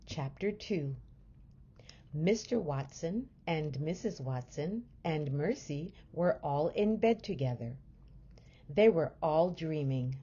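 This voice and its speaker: Slow, expressive woman reading a storybook. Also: sits low, breathy edge, highs cut off. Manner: gentle, expressive reading for children. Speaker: teacher. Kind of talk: storybook read-aloud.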